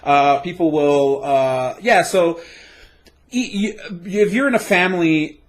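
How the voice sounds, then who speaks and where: A man's voice: a little high, slow pace. A man co-hosting a casual talk show, rambling and swearing, with many restarts. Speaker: podcast co-host. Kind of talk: casual chat.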